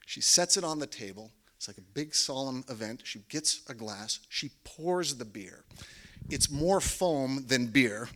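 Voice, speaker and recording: A man's voice: medium pitch, lively intonation, unhurried, fairly bright tone. A man telling a personal story on stage, with wry, understated comic timing. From Canada.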